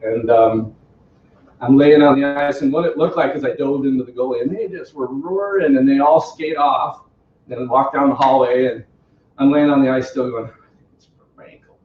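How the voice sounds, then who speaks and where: A man with a medium, somewhat dark voice, a company representative, shares his own story with a few people gathered in a living room, relaxed and talkative, poking fun at himself, quoting others, and laughing often. It's captured on a dull, distant, roomy home video with a little background noise.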